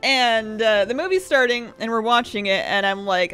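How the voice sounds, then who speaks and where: A woman's voice: on the high side, moderate pace, few pauses, pushed and bright, smooth, soft background music. A young woman streamer chatting casually with viewers, telling rambling stories with laughs.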